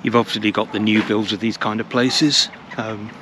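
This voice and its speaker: A man's voice: on the low side, level tone, moderate pace. A man narrating a casual walking vlog through a village, chatty and rambling, repeating his words. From England. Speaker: travel vlogger. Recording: outdoor recording with clear traffic noise.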